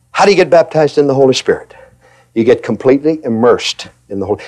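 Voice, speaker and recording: A man preaching a sermon in an animated way, acting out the voices of reluctant believers and repeating points for emphasis. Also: medium pitch, fast. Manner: emphatic repetition.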